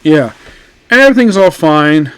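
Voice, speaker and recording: Man, fairly high voice, rambling casual review, dry close sound. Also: moderate pace, clean tone, dry recording. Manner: rambling, self-correcting, animated. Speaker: anime reviewer.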